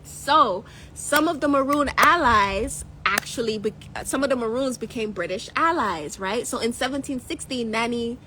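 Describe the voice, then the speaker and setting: Bright-voiced, jokey Jamaican woman. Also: on the high side, moderate pace, few pauses, slight background noise, rough recording. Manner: jokey and animated, laughs often, slips into patois. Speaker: spiritual coach and YouTube host. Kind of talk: casual storytelling to viewers.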